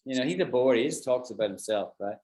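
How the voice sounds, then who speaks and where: A man's voice: medium pitch, lively intonation, fast, a little mellow, reverberant. A man with a British accent, teaching an online English lesson in a chatty way, explaining with examples and checking that his students follow. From Britain.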